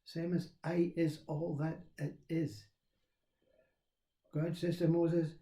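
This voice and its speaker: A man teaching self-inquiry in a slow, repetitive, reflective way. His voice is fairly high for a man but very dark and mellow in tone. The recording sounds roomy and echoey. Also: level tone. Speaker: spiritual teacher. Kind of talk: spiritual talk on self-inquiry.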